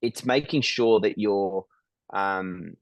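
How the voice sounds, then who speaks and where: A man's voice: fairly low pitch, takes it slowly, dry recording, muffled recording. A middle-aged man, a business founder, telling his story as an interview guest in a reflective way, with frequent ums and restarts.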